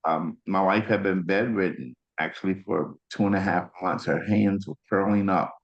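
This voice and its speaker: A man sharing a personal testimonial on a video call, animated and acting out what others said. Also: low voice, normal speed, lo-fi sound. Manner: animated storyteller acting out quotes. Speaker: webinar participant sharing a testimonial. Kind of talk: casual personal story.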